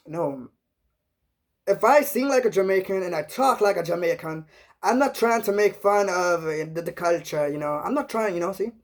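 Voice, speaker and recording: Rambling, earnest man chatting on a live stream. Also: high-pitched. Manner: rambling and earnest, peppered with "man" and "you know". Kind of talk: casual live-chat monologue.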